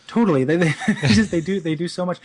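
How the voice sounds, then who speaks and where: A man's voice: high-pitched, fast talker. A man co-hosting a casual podcast, enthusiastic and stumbling over repeated words. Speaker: podcast co-host.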